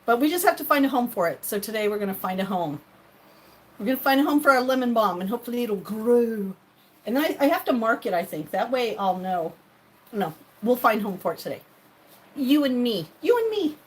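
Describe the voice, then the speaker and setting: A woman's voice: a little high, animated, brisk. A woman chatting casually on a live stream while she cooks, greeting viewers by name and laughing often. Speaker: livestreaming cooking vlogger.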